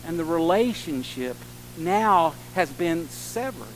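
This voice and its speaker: A man delivers a sermon in an earnest, unhurried way. His voice sits fairly high, and his emphasis swells and falls back to soft, quiet passages. A faint hum and hiss run under the recording. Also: lively intonation, rough recording. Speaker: pastor.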